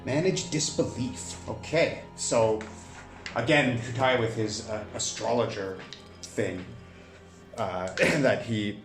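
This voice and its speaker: A man narrating a solo tabletop game, thinking aloud with many pauses and fillers. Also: lowish voice, echoey room, over music.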